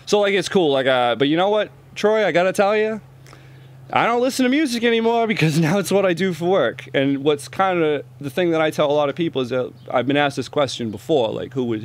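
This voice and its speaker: A man in his thirties, a touring roadie and musician, chatting as a podcast guest in a laid-back, profane and self-deprecating way. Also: medium pitch. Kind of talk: casual interview chat.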